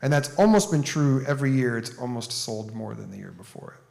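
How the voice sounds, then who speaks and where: A man's voice: mid-range voice, expressive, brisk, creaky, a little mellow. A man giving a conference talk as an author and speaker, conversational and plain-spoken as he tells a story.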